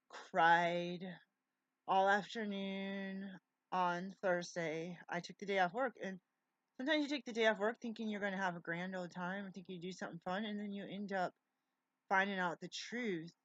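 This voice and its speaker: A woman's voice: fairly low pitch, no echo. A middle-aged woman talking to camera at home in a casual, rambling monologue, jumping between tangents and restarting her words. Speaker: vlogger. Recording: dry, slightly dull lo-fi sound.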